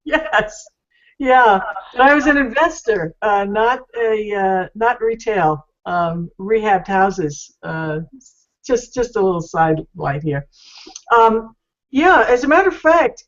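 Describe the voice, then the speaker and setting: Woman, mid pitch, halting and earnest, lots of fillers, muffled video-call sound. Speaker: panel guest, entrepreneur. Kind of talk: casual chat.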